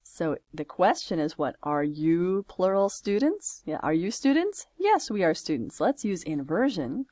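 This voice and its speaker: A woman's voice: fairly low pitch, big pitch swings, normal speed, hardly any pauses, dark tone, no echo. A woman French teacher walking through a homework exercise step by step, talking it through aloud in a patient, chatty way. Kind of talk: screen-recorded homework walkthrough.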